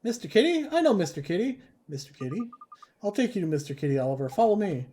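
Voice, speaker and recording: A bubbly girl spirit chirps eagerly in a raised, singsong voice, as a man plays her. The tone stays mellow, and faint noise runs under it. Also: sits high, very animated, fast talker, pitched above the performer's own voice. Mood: giddy.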